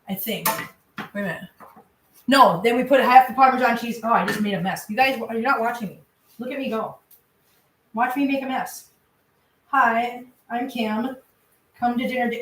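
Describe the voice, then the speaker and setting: A woman's voice: fairly high pitch, a bit bright, distant mic, a little hiss or hum. A woman vlogging as she cooks dinner at home, chatting away to her viewers and her cats. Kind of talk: casual chat while cooking. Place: home kitchen. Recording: echoey kitchen from off-mic.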